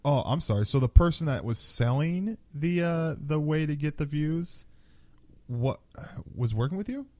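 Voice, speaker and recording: A man's voice: a little high, animated, moderate pace, dark tone, no room sound. A man co-hosting a casual podcast, reacting bluntly and swearing freely. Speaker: podcast co-host.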